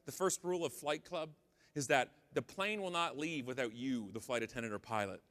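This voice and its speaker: A Canadian man giving a comedic keynote talk, telling a story with animated, mock-angry outbursts in a large conference hall. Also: medium pitch, a little fast. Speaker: keynote speaker.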